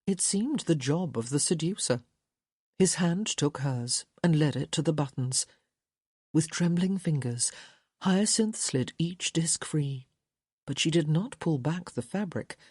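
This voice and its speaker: A woman reading a romance audiobook in a slow, soft, intimate manner. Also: sits low, expressive, breathy edge, dry recording, studio quality. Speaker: audiobook narrator. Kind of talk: scripted romance audiobook narration.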